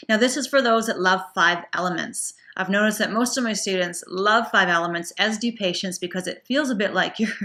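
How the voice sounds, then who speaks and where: A woman teaching acupuncture students in a relaxed, chatty lecture, often restarting her sentences. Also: medium pitch. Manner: chatty, warm, self-correcting with frequent restarts and small laughs. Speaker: acupuncture instructor.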